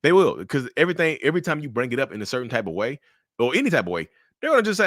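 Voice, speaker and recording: A man giving blunt, animated commentary to camera about relationships. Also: medium pitch, very fast, dry recording, studio quality.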